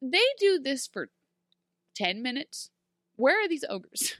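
A woman in casual chat recapping a TV show, animated and laughing often, acting out characters in quick mock voices. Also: high-pitched, no room sound, studio quality. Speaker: podcast co-host.

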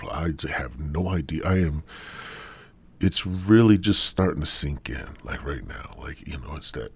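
A stoned man hosts his own podcast in a low, husky voice that has half gone and keeps catching in his throat. He rambles in a slow, crude drift and now and then drops into a breathy whisper. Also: expressive. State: high on marijuana; voice partly lost, throat-clearing. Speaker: podcast host.

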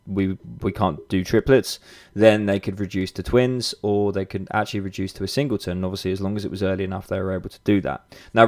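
A man's voice: on the low side, darkish tone. A man in his thirties, hosting a podcast, tells a personal story in a candid, casual way, with swearing, fillers and restarts. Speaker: podcast host.

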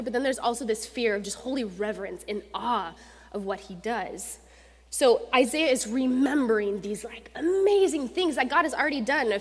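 Woman preaching in an echoing hall. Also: fairly high pitch. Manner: conversational and animated, acts out quotes with rising intensity. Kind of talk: sermon. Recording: long reverb of a large hall.

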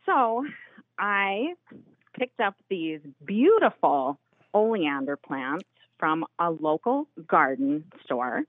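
A woman from Minnesota with a Minnesotan accent calling in to a radio show, chatty and excited. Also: on the low side, slow pace, dry recording, narrow, tinny audio. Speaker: caller. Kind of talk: call-in radio conversation.

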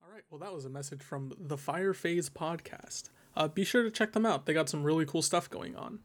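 A man hosting a podcast, casually explaining a tabletop monster encounter in a relaxed, chatty way with lots of fillers. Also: fairly high pitch, fairly quick. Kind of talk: casual explanatory talk about game design. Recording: music bed behind the voice.

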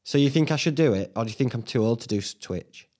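Chatty, swearing podcast host. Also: male voice, mid-range voice, lively intonation, fast, darkish tone. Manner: chatty, swears casually, laughs at himself. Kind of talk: casual solo podcast chat. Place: small home studio.

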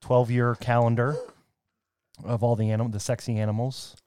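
A man's voice: medium pitch, little pitch movement, moderate pace, a crowd in the background. A man co-hosting a podcast in casual chat, rambling loosely through half-remembered facts and laughing often.

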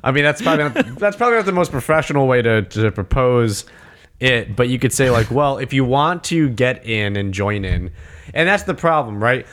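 A man in casual chat who talks excitedly, swears freely, and acts out imagined conversations. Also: mid-range voice, normal speed.

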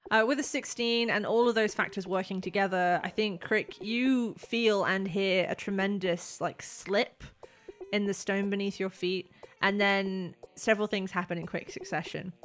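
A woman's voice: mid-range voice, fairly even intonation, moderate pace, a bit bright, soft background music. A woman narrating as game master of a tabletop role-playing game, in a loose, chatty way full of fillers.

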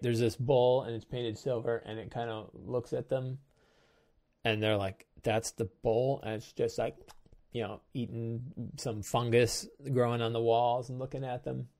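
On his game-prep show, a mid-range-voiced man works out a tabletop session out loud, his musings stopping and restarting haltingly.

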